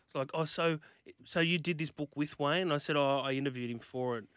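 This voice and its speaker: A man's voice: a little high, a little fast, a bit bright, smooth, dry recording. A man, a guest author on a radio show, chatting casually and laughing through his stories. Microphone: studio microphone.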